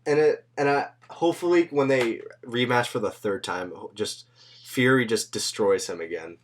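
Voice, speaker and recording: A man's voice: medium pitch, normal speed. A man hosting a podcast in loose, slangy casual chat, swearing freely and laughing often. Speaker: podcast host.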